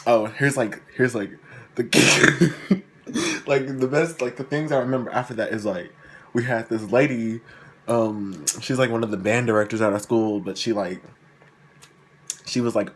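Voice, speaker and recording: A young man who tells a casual story in a rambling, self-deprecating way, with lots of fillers. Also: lowish voice. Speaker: vlogger.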